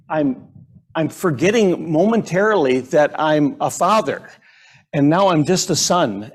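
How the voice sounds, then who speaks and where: A middle-aged man gives a sermon in a church in a casual, unscripted way. He talks with a fairly high pitch. He hesitates, repeats words and restarts lines as he goes. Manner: conversational, halting, with many restarts and fillers. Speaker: pastor. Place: church sanctuary.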